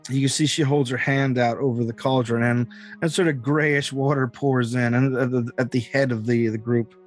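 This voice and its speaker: A man running a tabletop game who narrates slowly and haltingly, with a mid-range voice. Faint music plays in the background. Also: medium pitch. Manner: halting, full of fillers and restarts. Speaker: game master.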